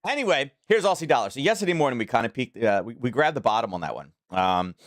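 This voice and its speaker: A man's voice: medium pitch, big pitch swings, fast talker, dry recording, clean studio sound. A man from Maryland hosting a live trading stream, talking in a casual, rambling way with many fillers and restarts. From Maryland, USA. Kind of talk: casual live market commentary.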